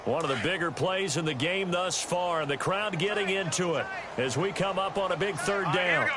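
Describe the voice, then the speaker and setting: A man calling play-by-play for a football video game, measured between plays and rising on big ones. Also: high-pitched, lightly acted. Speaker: play-by-play announcer. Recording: loud game noise behind.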